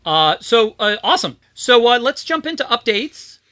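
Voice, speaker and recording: A man hosts a casual podcast, chatty and self-deprecating, stumbling through fillers. His voice sits high and rings very bright. The sound is close and dry. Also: sing-song, normal speed, no echo. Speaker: podcast host.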